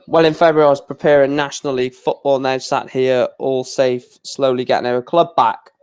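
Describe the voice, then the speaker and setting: A man's voice: medium pitch, steady tone, moderate pace, clean tone. A young man chatting casually on a live stream, rambling with stammered restarts and blunt opinions.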